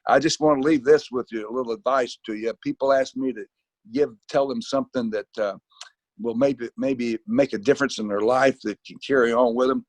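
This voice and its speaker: A man's voice: medium pitch, fairly even intonation, brisk, no echo. An older man reading a children's picture book aloud at home, wandering into chatty asides and stumbling over frequent fillers and restarts. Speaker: guest reader.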